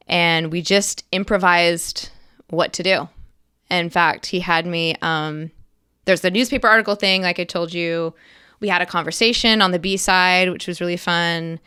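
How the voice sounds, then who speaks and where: A middle-aged woman, an actress, chatting as an interview guest and telling animated stories with lively quoted bursts. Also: on the low side, clean tone, no room sound, clean studio sound. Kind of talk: casual interview chat.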